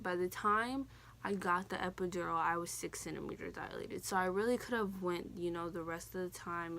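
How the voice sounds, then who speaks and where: A woman's voice: fairly low pitch, fairly bright tone, slight background noise. A teenage woman telling a personal story in a casual, candid vlog, swearing now and then. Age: teens. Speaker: vlogger.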